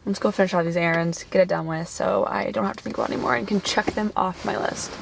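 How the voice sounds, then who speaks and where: A woman's voice: mid-range voice, fairly even intonation, fast, gravelly, noisy background. A woman in her twenties chatting casually to camera as a lifestyle vlogger, saying "like" a lot and laughing often. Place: home closet, later her car.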